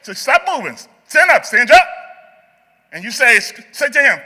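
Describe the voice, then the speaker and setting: A high, piercing male voice drills a crowd of kids through call-and-response chants, commanding and coaching as he goes. The sound rings with long reverb from a large hall. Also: sing-song, measured pace, sharp tone. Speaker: youth event leader. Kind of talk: leading rally chants. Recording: echoey hall.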